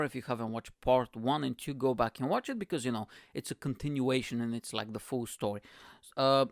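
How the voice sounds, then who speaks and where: Joking, profane Balkan-born podcast host. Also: male voice, medium pitch, no echo, studio quality. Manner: playful, profane, self-mocking. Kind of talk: comedic storytelling monologue.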